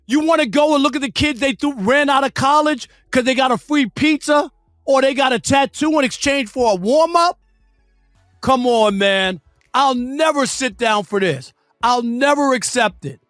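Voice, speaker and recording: Male radio host, high voice, dry studio sound, indignant and shouting. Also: normal speed, no room sound, soft background music. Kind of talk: opinionated sports radio rant.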